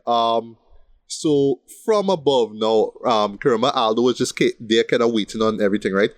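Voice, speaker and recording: A man in a laid-back podcast chat walks through movie scenes step by step, often pausing to ask "right?". His voice is mid-pitched and ordinary for a man. The recording is dry, with no room sound. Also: no echo. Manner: relaxed retelling of scenes, frequent "right?". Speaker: podcast co-host. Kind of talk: casual film discussion.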